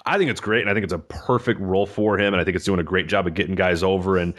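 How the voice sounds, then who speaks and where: A man's voice: deep voice, fairly even intonation, racing, a bit bright. A man hosting a casual podcast, firing off questions and tripping over his words. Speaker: podcast host.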